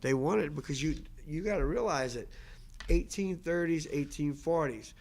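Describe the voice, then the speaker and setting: A man's voice: on the high side, moderate pace, a little mellow. A man who teaches language, speaking in a casual, earnest lecture style with frequent restarts and repetition. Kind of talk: casual lecture answering questions.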